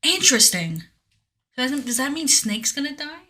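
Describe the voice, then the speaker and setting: Bright-voiced woman podcast co-host. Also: high-pitched, very animated, normal speed. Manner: curious, asks many questions, laughs often. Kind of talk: casual chat.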